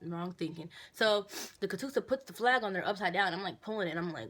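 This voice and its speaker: A young woman vlogs a casual Q&A into her phone at a rapid clip. She tells her stories animatedly, breaking into indignant bursts, with many fillers along the way. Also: lowish voice, a bit bright. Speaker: vlogger answering viewer questions. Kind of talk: casual Q&A vlog.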